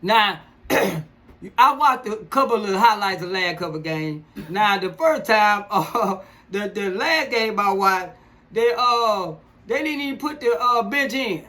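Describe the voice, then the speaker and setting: A man's voice: sits high, expressive, slow, pushed and bright. An older man co-hosting a casual podcast, blunt and rambling, laughing often. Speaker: podcast co-host, father. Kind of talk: casual sports chat.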